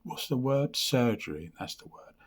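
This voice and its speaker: A man's voice: medium pitch, very animated, moderate pace. An English man giving a rambling health update on his vlog, reading from notes and often losing his place, with blunt, dry humour. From England. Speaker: vlogger.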